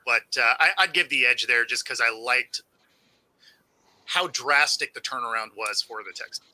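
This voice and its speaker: A man co-hosting a sports talk show, relaxed and teasing, with easy laughter and hesitant restarts. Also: medium pitch, moderate pace, rough recording. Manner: relaxed, sarcastic, laughs easily. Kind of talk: casual sports debate.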